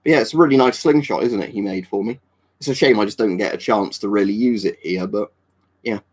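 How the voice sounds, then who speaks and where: An Englishman hosts a live stream, casually answering viewer comments in a rambling, offhand way with many fillers and restarts. His voice is low-ish and slightly rough, and he speaks briskly.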